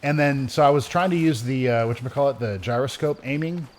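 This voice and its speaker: A man's voice: medium pitch, fairly quick. Rambling man commenting on a game. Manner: rambling, many restarts, animated retellings. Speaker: let's play co-host. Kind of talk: casual gameplay commentary.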